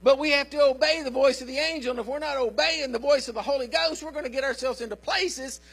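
A man's voice: extremely high pitch, fast talker, gravelly, a bit bright. An older man, a pastor, preaching a sermon in a folksy storytelling way and calling out to his listeners.

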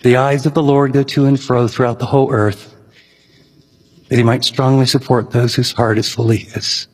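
A man's voice: mid-range voice, flat delivery, normal speed, slightly rough. A man preaching a sermon as a pastor, earnest and emphatic, building to urgent rising questions, in a church hall. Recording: echoey hall reverb.

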